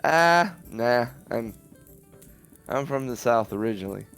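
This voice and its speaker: A man's voice: medium pitch, lively intonation, measured pace, creaky, fairly bright tone, clear, resonant tone, soft background music. A man doing a folksy goliath logger. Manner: rustic backwoods grammar, rambling. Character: big grumpy male goliath logger, folksy.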